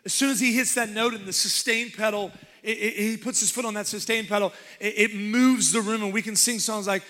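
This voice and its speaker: A man with a Texan accent preaches with a high, bright voice. He is lively and laughs often, slipping into character voices as he tells a comic story from the pulpit. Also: a little fast, few pauses. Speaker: guest pastor.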